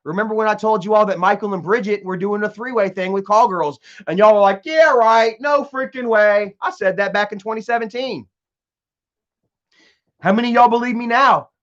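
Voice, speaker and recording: Young guy streaming, kinda high voice, rambly, keeps restarting, muffled lo-fi audio. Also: fairly even intonation, a little fast, fairly bright tone. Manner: rambling, repetitive, stumbles and restarts, reads out viewer comments. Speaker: live streamer reading chat. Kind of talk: casual live stream chat.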